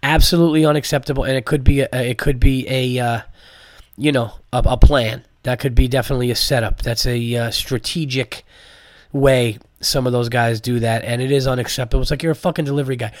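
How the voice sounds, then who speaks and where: A man's voice: medium pitch, fairly quick, dry recording. A man hosting his own comedy podcast with a congested, sick voice, rambling casually with fillers, swearing freely and getting fired up as he talks. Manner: animated, profane, rambling with fillers. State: congested from a cold. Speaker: podcast host, stand-up comedian. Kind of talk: casual solo podcast monologue.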